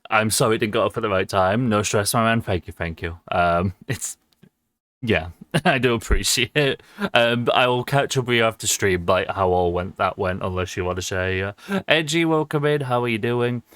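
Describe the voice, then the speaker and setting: In a low, relaxed voice, a young man chats casually with viewers on his livestream, rambling with lots of ums and quick laughs. The audio is dry and close, with no echo from the room.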